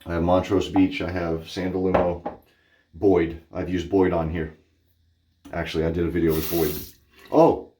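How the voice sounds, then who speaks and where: A man's voice: low voice, level tone, normal speed, dark tone, a little hiss or hum. A man from Texas hosting a wet shaving channel, chatting casually while he shaves, rambling with friendly asides and self-corrections.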